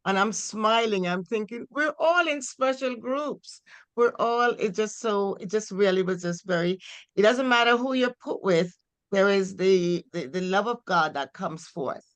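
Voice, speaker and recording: A woman sharing her thoughts with a study group on a video call, upbeat with pauses and fillers. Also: mid-range voice, smooth. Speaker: Bible study group member. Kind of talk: casual sharing.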